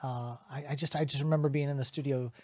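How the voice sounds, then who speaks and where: A middle-aged man who is a voice actor, chatting casually to camera in an animated way and slipping into quick character voices. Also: mid-range voice, no room sound.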